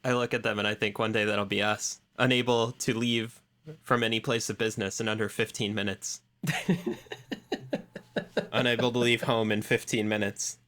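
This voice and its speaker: A man's voice: fairly low pitch, level tone, moderate pace, sharp tone. A man co-hosting a podcast in casual chat, with dry, wry asides as he recounts a work story. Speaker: podcast co-host.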